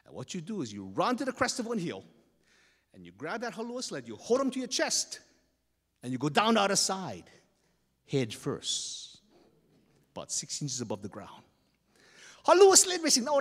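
Animated Hawaiian Pidgin storyteller man. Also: sits high, normal speed, long pauses. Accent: Hawaiian Pidgin English. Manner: animated, dramatic, playful. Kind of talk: live storytelling performance. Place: stage at a storytelling festival. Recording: long hall reverb.

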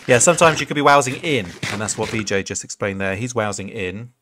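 Male game streamer, lower register, chatty, tangent-prone, casual swearing; faint hiss behind. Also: fast. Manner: rambling, chatty, answers viewer chat questions. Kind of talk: live gameplay commentary and chat.

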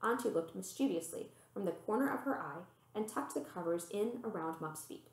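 A woman's voice: moderate pace, roomy sound, poor audio. A woman librarian reading a children's storybook aloud, lifting her voice for the characters. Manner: expressive, voicing the characters with pitch lifts.

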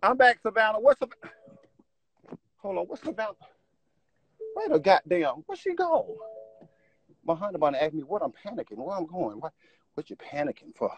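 A man's voice: high-pitched, sing-song, moderate pace, long pauses, husky, poor audio. A man ranting on a live stream from home into his phone, agitated, repetitive and profane.

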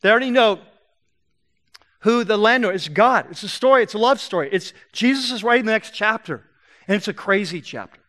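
A man preaching a sermon in a church, swinging between loud emphatic bursts and low, soft passages. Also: lively intonation, fairly quick. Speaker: pastor. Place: church sanctuary.

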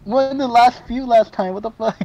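A man's voice: very high-pitched, steady tone, a little fast, creaky, mellow, poor audio. A young man reading out game events to friends, laughing and swearing in surprise. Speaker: gaming video host.

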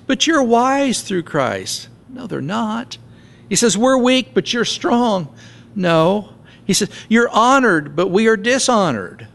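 A man pastor preaching a sermon in church, reading scripture aloud with lively, sarcastic emphasis. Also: on the high side, gravelly.

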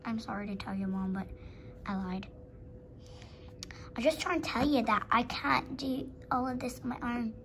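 A woman's voice: on the high side, moderate pace, pauses often, close to an everyday voice. A woman voicing a timid young male horse in a homemade horse story, talking hesitantly and stammering, with some faint hiss behind her. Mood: apologetic.

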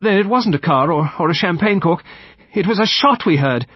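A man voicing a young woman who cries out in a high, hysterical way. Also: lively intonation, normal speed, slightly rough, no echo, dull audio.

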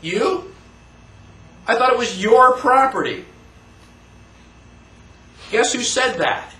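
A man's voice: very high voice, animated, takes it slowly, pushed and bright, a little hiss or hum. A man teaching a class in a lecture style, emphatic, asking the audience questions. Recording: roomy, distant mic.

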